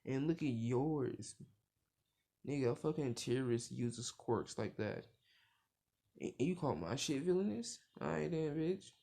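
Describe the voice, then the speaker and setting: A man voicing a brash, foul-mouthed young hero boy in a casual retelling, with a gravelly voice and crude trash talk. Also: medium pitch, expressive, measured pace, mellow. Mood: defiant.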